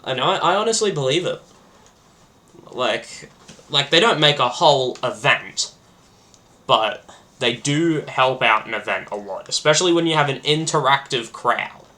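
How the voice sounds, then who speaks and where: A man hosting a casual solo podcast, rambling excitedly with lots of filler words. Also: mid-range voice, measured pace. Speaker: podcast host.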